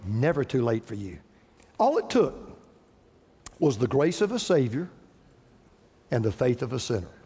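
A man preaching a sermon as pastor, with dramatic pauses and repetition. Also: mid-range voice, sing-song, mellow, breathy edge, long reverb tail.

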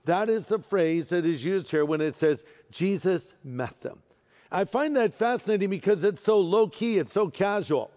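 A man preaching a sermon as pastor, animated and playful with humorous asides. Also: sits high, moderate pace, few pauses. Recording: long reverb of a large hall.

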